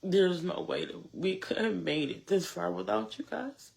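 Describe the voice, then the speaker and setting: Tearful, exhausted mother speaking slowly. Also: fairly low pitch, animated, gravelly, darkish tone. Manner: halting, repeats phrases, pleading thanks. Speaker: mother of a shooting victim. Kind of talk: emotional public statement.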